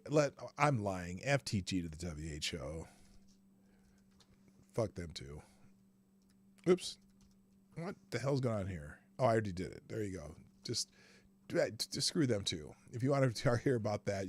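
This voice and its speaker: A man's voice: a little high, creaky. A man hosting a live news commentary stream, ranting sarcastically, swearing freely and laughing between sentences. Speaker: show host.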